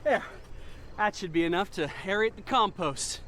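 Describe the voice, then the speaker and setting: A man's voice: moderate pace, noisy background, natural voice. A man playing a furious gardener who screams threats with a garden fork. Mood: enraged. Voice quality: screaming, shrill.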